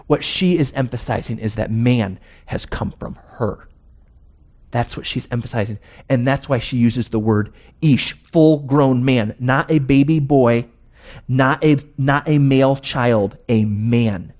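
Delivering his sermon with emphasis, this pastor asks rhetorical questions and drags out important words for weight, in a mid-range, darkish voice.

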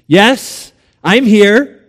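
Kind calm voice of God, as a preacher speaks it. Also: male voice, sits high, big-room sound, voice pushed up. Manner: calm, gentle and unhurried.

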